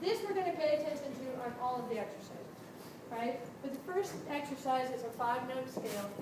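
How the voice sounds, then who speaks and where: Brief: high-pitched woman vocal coach, brisk group lesson, sung demos, heard from afar in an echoey, noisy classroom. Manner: brisk, encouraging, checks in with "right?"; sings demonstration notes. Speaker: vocal instructor. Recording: echoey room from a distance, noisy.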